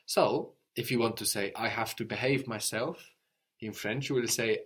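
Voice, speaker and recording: A man's voice: medium pitch, unhurried, fairly bright tone, breathy edge. A man teaching a language lesson, patiently explaining word roots and prompting his student with questions.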